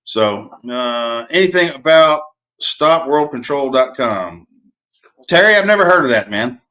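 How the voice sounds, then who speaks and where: A man's voice: medium pitch, expressive, a little slow, pushed and bright. A man hosting a casual live-stream chat, telling folksy stories and swearing freely. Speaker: podcast host and author.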